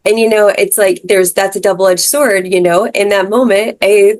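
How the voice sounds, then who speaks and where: A woman's voice: mid-range voice, steady tone, normal speed, dry recording. A woman co-hosting a podcast, telling a personal story in a casual, rambling way with lots of fillers and restarts. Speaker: podcast co-host. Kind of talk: casual chat.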